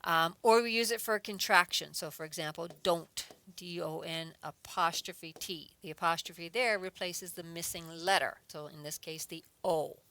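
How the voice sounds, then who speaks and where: Bright-voiced woman teaching a grammar lesson. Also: fairly low pitch, normal speed, hardly any pauses. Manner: patient, explains step by step with examples; checks in with frequent "okay". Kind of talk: recorded adult English lesson.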